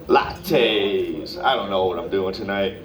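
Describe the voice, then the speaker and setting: A man's voice: medium pitch, measured pace, a crowd in the background. Young man, stand-up comic, open mic, rambling profane storytelling, distant mic. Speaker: stand-up comedian. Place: comedy club open mic. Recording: roomy, distant live club recording.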